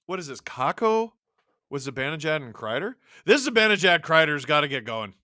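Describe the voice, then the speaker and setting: A man hosting a live stream, casually calling a hockey game and chatting, his voice worn a little deeper from long talking. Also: very animated, a little fast, bright, forceful tone, no echo, studio quality. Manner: chatty, reacting to the game and chat as it happens. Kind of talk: casual live play-by-play and chat.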